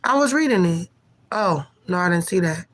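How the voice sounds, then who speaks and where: A woman's voice: on the low side, normal speed, low-quality recording. A woman hosting a livestream reading, telling a story about her son in a candid, profane, casual way. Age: adult parent. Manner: candid, profane, animated when retelling. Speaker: tarot reader and livestream host.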